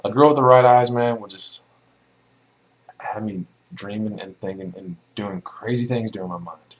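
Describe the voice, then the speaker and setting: A man's voice: lowish voice, normal speed, slight background noise, low-quality recording. A young man casually answering viewer questions in a vlog, blunt and profane, with plenty of ums and likes. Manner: blunt, swears freely, lots of filler.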